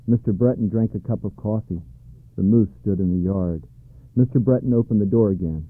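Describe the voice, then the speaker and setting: Male storybook narrator, calm and measured, lowish voice, dry thin phone-like sound. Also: dry recording. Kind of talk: storybook reading. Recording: dry tinny narrow-band sound.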